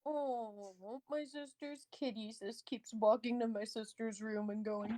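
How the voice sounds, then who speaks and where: A woman chatting casually with friends before a tabletop game, giggling through deadpan jokes. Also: a little high, a little slow, hardly any pauses, no echo. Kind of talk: casual chat among friends.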